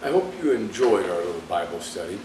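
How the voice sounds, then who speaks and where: A man leads an informal Bible study, speaking conversationally and posing rhetorical questions. His voice is picked up from a distance in a very echoey room. Clear room noise sits behind him. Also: sits low, expressive, fairly quick. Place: indoor room with a group.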